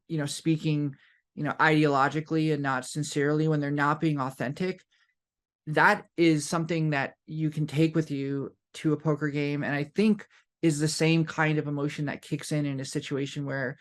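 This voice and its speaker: A man's voice: fairly high pitch, fairly even intonation, moderate pace. A man co-hosting a podcast in casual chat, rambling with frequent "like" and "you know". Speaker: podcast co-host.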